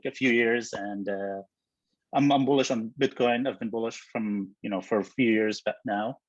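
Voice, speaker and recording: A man speaking as a guest in a casual interview, thinking aloud with many restarts. His voice is slightly husky and sits at an ordinary pitch. The sound is dry and a bit dull, as over a video call. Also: dry recording. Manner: thoughtful, many fillers and restarts. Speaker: guest, software co-founder.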